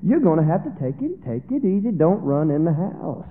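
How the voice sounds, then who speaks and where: A man voicing an aging, devoted mother who pleads in a high, tearful voice. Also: big pitch swings, normal speed. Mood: fretting. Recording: tinny, phone-like echoey hall.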